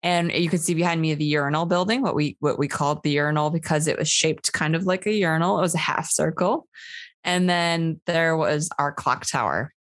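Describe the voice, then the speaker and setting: A young woman co-hosting a podcast, chatty and teasing, with quick reactions. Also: deep voice, dry recording. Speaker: podcast co-host. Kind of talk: casual podcast chat.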